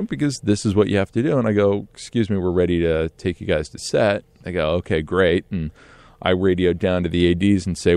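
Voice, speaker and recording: Guy telling a story on a podcast, kinda low voice, does the voices, hushed then loud, dry close mic. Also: vocal fry, no echo. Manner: animated, acts out quotes with hushed and loud voices. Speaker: guest storyteller. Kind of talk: casual anecdote on a podcast.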